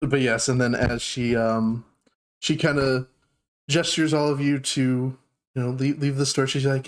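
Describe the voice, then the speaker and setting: A man's voice: medium pitch, measured pace. Man in mid register, game master narrating a tabletop scene, loose with "um"s. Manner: relaxed, filler-heavy narration.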